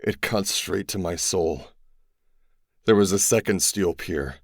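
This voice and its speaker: A man reads first-person narration in a very deep, grave voice, measured and steady. The recording is close and completely dry. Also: no room sound. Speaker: audiobook narrator.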